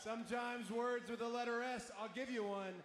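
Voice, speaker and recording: A man cutting an arena wrestling promo over a handheld mic, mocking and emphatic, sometimes shouting. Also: extremely high pitch, fairly even intonation, moderate pace. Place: large indoor arena. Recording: echoey arena broadcast audio with noise.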